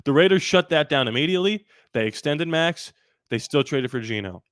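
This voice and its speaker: A man hosting a live sports talk stream, animated and rambling with quick asides. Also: on the high side, clear, resonant tone, dry recording, clean studio sound. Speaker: sports channel host.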